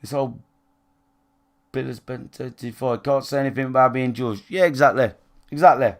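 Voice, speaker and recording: A man's voice: medium pitch, normal speed. A man with a British accent, a gaming live streamer chatting casually with his viewers, rambling and swearing, often checking if they follow him. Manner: rambling and sweary, often asks "do you know what I mean".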